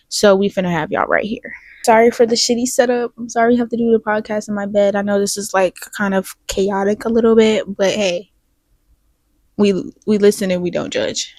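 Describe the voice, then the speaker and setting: Young woman, bedroom podcast host, sniffly, rambling confessional, mid pitch, dry close sound. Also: dry recording. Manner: rambling, candid, swears, trails off into soft asides. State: sniffly from crying. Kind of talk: casual confessional vlog. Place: bedroom, in bed. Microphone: small mic plugged into a phone.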